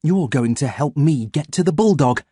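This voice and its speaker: Brief: husky, silky villain scientist, taunting and mock-gentle, read by a man. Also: a little high, expressive, moderate pace, no room sound, clean studio sound, pitched above the performer's own voice. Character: menacing scheming male scientist villain.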